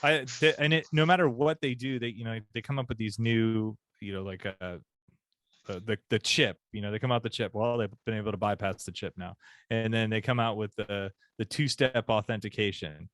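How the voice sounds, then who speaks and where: A man co-hosting a podcast in casual chat, excitable, stumbling over repeated words and laughing as he talks. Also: lowish voice, a little fast, no echo. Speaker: podcast co-host.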